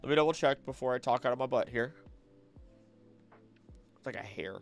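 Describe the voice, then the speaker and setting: A man's voice: mid-range voice, a little fast, creaky, soft background music. A man, a streamer and voice actor, chatting casually and thinking aloud while he answers chat questions.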